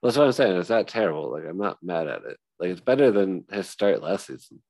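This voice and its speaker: A man co-hosting a casual sports podcast, talking in a relaxed way with lots of "like" fillers. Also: sits low, fairly quick. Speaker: podcast co-host.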